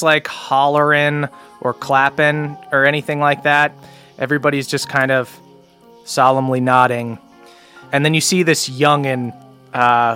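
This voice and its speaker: A game master narrating a tabletop role-playing game in a lively, rambling way. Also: mid-range voice.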